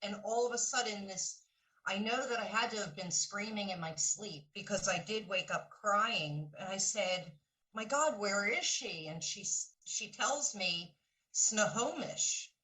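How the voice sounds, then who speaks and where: A woman's voice: mid-range voice, a little slow, sharp tone, recorded from a distance, rough recording. A middle-aged woman from the Philadelphia area, a caller recounting a dream in earnest, vivid detail.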